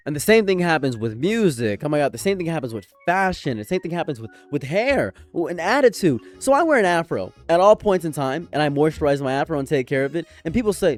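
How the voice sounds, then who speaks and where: A man's voice: on the high side, very animated, a little fast, hardly any pauses, soft background music. A man with an American accent and a slight foreign tang, doing casual commentary and repeating his points with emphasis. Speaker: commentary YouTuber.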